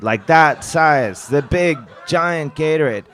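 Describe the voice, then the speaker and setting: A man telling a comic story on stage, rambling and animated, with lots of fillers and asides. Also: medium pitch, a little slow. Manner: rambling, animated, self-mocking with many fillers. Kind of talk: stand-up storytelling.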